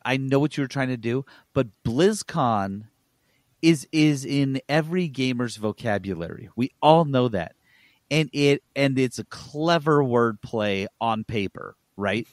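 A man's voice: mid-range voice, no room sound, studio quality. A man co-hosting a casual gaming podcast, ranting in an emphatic, joking way. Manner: animated, jokey, emphatic rants. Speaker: podcast co-host.

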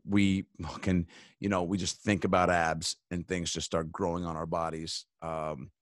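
A male comedian, guesting on a casual podcast, rambles through comic riffs packed with swearing and fillers. His voice sits low with a level tone and moderate pace, recorded in clean studio sound with no room noise.

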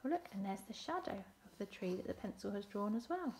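Expressive woman reading aloud. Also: medium pitch, a little fast, slight background noise. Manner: expressive, asks the children questions. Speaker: teacher. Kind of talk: reading a picture book aloud to children.

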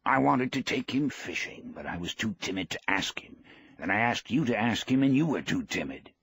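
A man voicing a gentle old fisherman. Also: on the low side, big pitch swings, normal speed, breathy edge, no echo, pitched above the performer's own voice, full character voice. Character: elderly poor male fisherman, proud and gentle.

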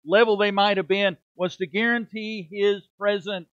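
Middle-aged male preacher, high pitch, emphatic sermon delivery, dull close recording. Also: steady tone, moderate pace, a bit bright, dry recording. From United States. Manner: emphatic preaching with rhetorical questions and dramatic drops in volume. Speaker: preaching minister. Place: church sanctuary.

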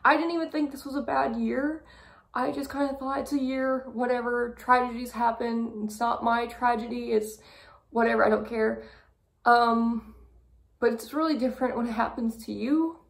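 A young woman talking through a personal month-review vlog, halting and full of fillers, fighting back tears. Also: fairly high pitch, fairly even intonation, creaky. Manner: halting, with many fillers and pauses. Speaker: vlogger.

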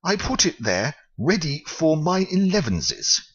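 A man reading aloud and voicing a polite, earnest little male bear with a raised, excitable voice. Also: a little high, a little slow, slightly rough, muffled recording, voice pushed up, full character voice.

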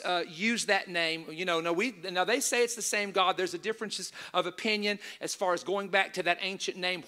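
A man's voice: sits high, pushed and bright. A male preacher giving an emphatic sermon to a live audience, stressing and repeating key points.

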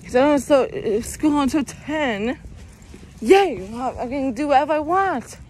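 A woman's voice: sits high, normal speed, a little mellow, slight background noise. A young woman rambling in a casual vlog, out of breath from walking, constantly saying "you guys". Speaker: vlogger. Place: outdoors walking around town.

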